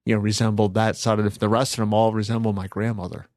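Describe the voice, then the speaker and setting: A man's voice: on the low side, little pitch movement, fast talker, a little mellow, no echo, studio quality. A man co-hosting a casual podcast, telling rambling stories with sarcastic asides. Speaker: podcast co-host.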